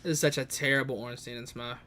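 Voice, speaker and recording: A young man giving casual gameplay commentary, muttering in frustration, swearing, now and then shouting in outrage. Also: mid-range voice, steady tone, fast talker, a little hiss or hum. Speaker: gamer playing a randomized action game. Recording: faint game music behind.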